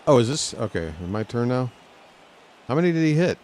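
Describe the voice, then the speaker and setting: A man streaming live gameplay from a lounge chair at home, talking to the game and reacting loudly as he plays. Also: mid-range voice, very animated, a little fast, a little hiss or hum. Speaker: gaming streamer.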